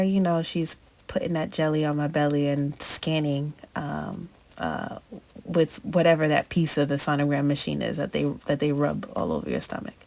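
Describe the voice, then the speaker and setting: A woman's voice: sits low, a little mellow. A young woman telling a personal story in a candid, chatty way, with slangy asides and frequent laughs. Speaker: storytelling host.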